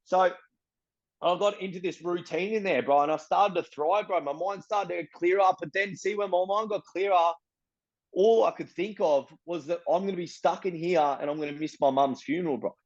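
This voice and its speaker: A young Australian man telling his story as an interviewee, blunt and profane, full of street slang and animated retellings. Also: sits high, normal speed, highs cut off. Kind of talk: casual storytelling.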